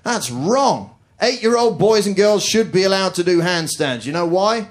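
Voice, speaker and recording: A man's voice: sits high, animated, normal speed. A man with a posh English accent doing a stand-up routine on a club stage, with a sarcastic, mock-indignant, ranting manner. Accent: posh southern English. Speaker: stand-up comedian. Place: comedy club stage before a laughing audience. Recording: live club recording with audience laughter.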